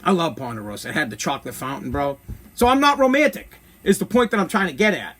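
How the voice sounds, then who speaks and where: Brash male podcast host, 30s, higher-pitched, blunt comedic rant. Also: big pitch swings, fast talker, a bit bright. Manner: brash, blunt, rambling with restarts.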